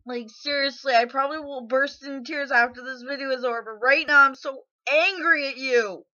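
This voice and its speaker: A woman's voice: sits high, fairly even intonation, a little fast, sharp tone, lo-fi sound. A woman venting to camera in an angry, indignant personal rant, shaking with anger and near tears, with many fillers. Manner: angry, indignant, filler-heavy ("like", "you know"). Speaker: vlogger.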